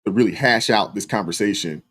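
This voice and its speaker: A man hosting a live stream, reading viewer super chats and talking through them in a relaxed way, with lots of fillers. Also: fairly low pitch, brisk. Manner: relaxed, many fillers, thanks viewers by name. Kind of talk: casual live stream commentary.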